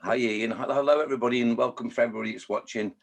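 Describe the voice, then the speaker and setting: A man in his sixties, from Scotland and raised in Staffordshire, tells his life story in an interview. His voice is husky and of middling pitch. He talks in a chatty, self-mocking way. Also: steady tone, rapid-fire. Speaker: children's poet and author.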